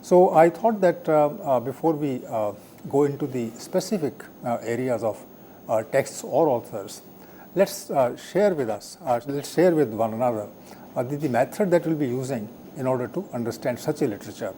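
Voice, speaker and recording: An older man giving a live televised lecture as the guest professor, speaking haltingly with many fillers and frequent throat clearing. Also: mid-range voice, animated, warm tone, a little hiss or hum. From India.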